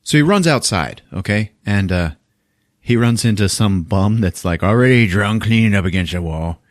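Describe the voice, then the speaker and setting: A man's voice: fairly low pitch, moderate pace, no room sound, clean studio sound. A man hosting a podcast, recapping a film in casual chat and acting out its characters with lots of swearing. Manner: animated storytelling, acting out characters with profanity.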